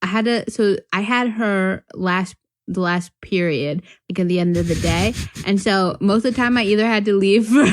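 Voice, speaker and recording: A young North Carolina woman co-hosts a podcast, her medium-pitched voice captured dry and at studio quality. In casual chat she tells a long story packed with fillers, laughing often.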